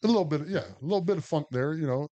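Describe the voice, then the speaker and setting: Co-hosting a podcast, a man spins a long, rambling, foul-mouthed story in a casual chat, starting over again and again. His slightly high, expressive voice races along very fast with a dark tone, and the audio sounds dull.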